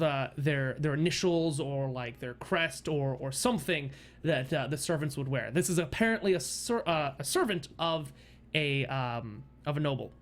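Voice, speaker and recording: A man running a tabletop game as game master, narrating in a meandering way with many fillers and restarts. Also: a little high.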